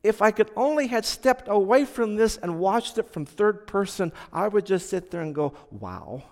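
Man sharing a testimony, high voice, long hall reverb, slow earnest delivery that swings between hushed and loud. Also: animated. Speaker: speaker giving a testimony. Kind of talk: personal testimony talk.

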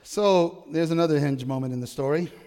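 Male pastor with a somewhat high voice, preaching emphatically in a church with long reverb. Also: a little fast, dark tone. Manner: emphatic, asks the congregation questions. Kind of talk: sermon.

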